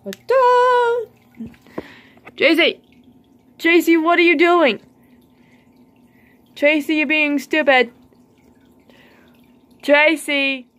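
A woman chatting casually in a vlog about her pet fish, excitable and playfully scolding them as she talks. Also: high-pitched.

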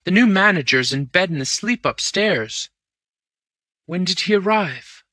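A male reader raising his voice to play a blustering, alarmed bank manager, pitched well above his own tone, loud and sharp. His exclamations come out bright and close, with no room around them. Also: expressive, a little slow, no room sound, exaggerated voice. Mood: suspicious.

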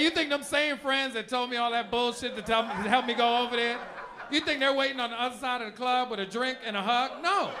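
High-voiced man doing loud stand-up. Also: background noise. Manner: loud, animated, profane, shouting punchlines. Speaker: stand-up comedian. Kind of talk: stand-up comedy routine. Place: comedy club stage. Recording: live club audio with crowd laughter.

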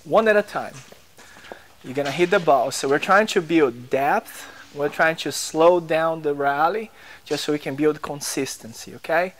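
A man's voice: a little high, normal speed, slight background noise. Upbeat male tennis coach on court. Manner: encouraging, gives short drill commands.

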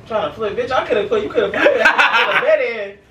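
A man's voice: very high-pitched, lively intonation, fairly quick. A young man co-hosting a podcast who chimes in with short teasing, laughing remarks. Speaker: podcast co-host. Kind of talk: casual chat. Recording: noisy echoey room, far from the mic.

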